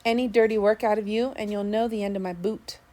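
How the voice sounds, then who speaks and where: A woman voicing a rough, commanding ship's mate who shouts orders. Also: mid-range voice, steady tone, fairly quick, lightly acted. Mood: bellowing.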